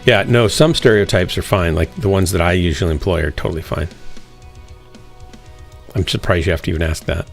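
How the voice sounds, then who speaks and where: A man's voice: low voice, fairly quick, creaky, pauses often, faint music behind. A man streaming a mech game, joking and teasing his teammates in casual chat.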